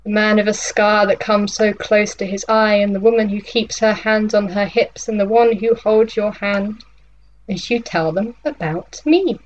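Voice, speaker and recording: A woman voicing a sinister, patient nightmare villain in a dramatic monologue poem, speaking slowly and tauntingly. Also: mid-range voice, fairly even intonation, dull audio, close to an everyday voice. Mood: menacing. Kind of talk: dramatic monologue poetry reading.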